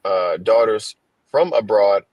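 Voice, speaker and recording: In a casual Bible class, a man with a fairly low voice reads verses aloud slowly, halting with fillers and restarting as he goes. His headphone mic on a stream gives dull audio with no echo.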